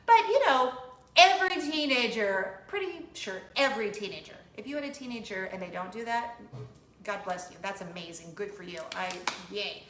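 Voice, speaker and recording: A woman's voice: mid-range voice, animated, normal speed, fairly bright tone. A middle-aged woman hosting a casual chat vlog, bubbly and giggly as she chats about parenting. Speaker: host, mother. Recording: roomy room with faint hum.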